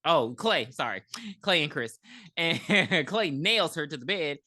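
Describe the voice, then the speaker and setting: This woman's voice is deep and measured, recorded cleanly in a studio without room sound. As a podcast co-host, she recaps a film in animated, profane banter, voicing the characters' quoted lines.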